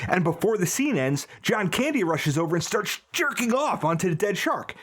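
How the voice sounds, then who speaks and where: Animated man riffing on a movie podcast. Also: sits high, moderate pace, few pauses. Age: early 40s. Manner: spins absurd gross-out bits, pushy and animated. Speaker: podcast co-host. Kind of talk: comedic movie podcast chat.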